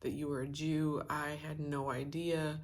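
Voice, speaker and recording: A woman's voice: sits low, flat delivery, measured pace. A woman voicing a scheming male official, flustered and stammering after he is caught out. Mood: panicked.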